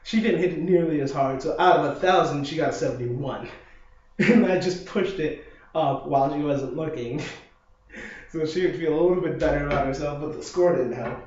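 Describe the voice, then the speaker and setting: A man's voice: on the high side, moderate pace, a little mellow. A young man telling a casual video diary, rambling through stories and acting out what people said, from an apartment living room. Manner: rambling storytelling, acting out quotes with laughs. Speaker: vlogger. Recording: echoey, muffled room recording.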